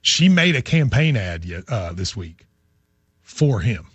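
Lively, husky radio host. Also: male voice, on the low side, slow, dry recording, muffled recording. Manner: rambling, animated storytelling with restarts. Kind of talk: casual radio chat. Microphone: studio microphone.

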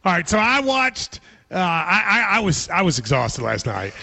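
A man hosting talk radio with a high, lively, bright voice. He has a slightly husky edge and laughs easily through casual banter. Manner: animated, laughs often, quick asides. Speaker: radio talk show host.

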